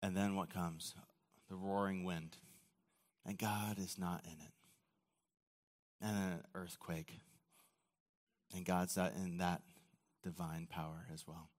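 A man preaching a sermon, telling the story casually with acted quotes, often dropping to a quiet, low voice. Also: flat delivery, slow pace, long pauses. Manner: casual storytelling with acted quotes and sudden drops to near-whisper. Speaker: pastor. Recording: long hall reverb.

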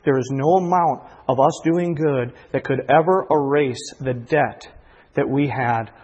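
Impassioned preacher, husky voice in a hall. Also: male voice, medium pitch, unhurried, dull audio. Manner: builds from quiet reflection to impassioned, near-shouted preaching. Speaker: pastor. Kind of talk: sermon. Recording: long hall reverb.

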